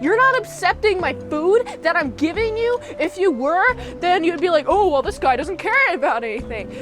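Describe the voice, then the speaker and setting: A woman's voice: very high voice, sing-song, normal speed. Woman mimicking a sneering male criminal. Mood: taunting. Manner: mocking, taunting, exaggerated. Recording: music playing underneath.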